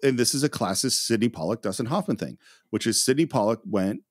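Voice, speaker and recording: A man's voice: medium pitch, lively intonation, fast talker, no echo. Man chatting about a film, dry sound. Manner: enthusiastic, laughs often, retells scenes. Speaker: podcast host. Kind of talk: casual film discussion.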